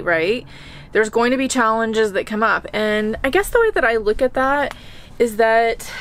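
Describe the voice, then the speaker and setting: Woman vlogger, casual and heartfelt to camera, medium voice, light hiss behind. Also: mid-range voice. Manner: earnest, animated, with frequent fillers.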